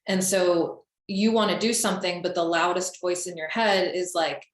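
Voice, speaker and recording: A woman's voice: fairly low pitch, steady tone, normal speed, few pauses. Chatty woman coach in an echoey room. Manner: chatty, lots of fillers like "um" and "like". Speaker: confidence coach. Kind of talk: casual spoken teaching.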